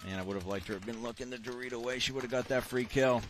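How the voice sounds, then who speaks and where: A man's voice: mid-range voice, rapid-fire, background noise. A middle-aged man with a Boston accent doing live sports commentary, explaining tactics as the play unfolds.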